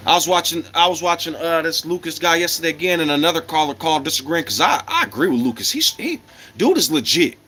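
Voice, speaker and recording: Very animated and quick, an American man's pushed, bright, high-leaning voice carries an angry, profane monologue to his viewers. Bluntly combative, he keeps firing rhetorical questions and coughs now and then, with a little hiss or hum present.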